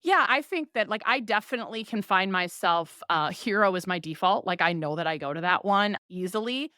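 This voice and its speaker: A woman hosting a podcast, explaining ideas in a lively, conversational way and often acting out the complaints she describes. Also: mid-range voice, a little fast, smooth, no echo, clean studio sound. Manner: animated, voices quoted complaints for illustration. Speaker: podcast host.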